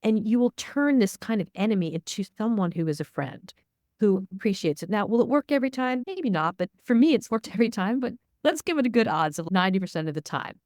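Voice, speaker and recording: A woman's voice: medium pitch, animated, quick pace, a little mellow, dry recording, studio quality. A middle-aged woman, a media expert guest, answering interview questions in a candid, storytelling way. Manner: candid, storytelling, acts out dialogue.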